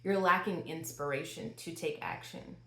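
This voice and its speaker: A woman's voice: deep voice, normal speed, pushed and bright. A woman giving a channeled tarot reading, asking questions aloud and exclaiming. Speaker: tarot reader. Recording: roomy with faint noise.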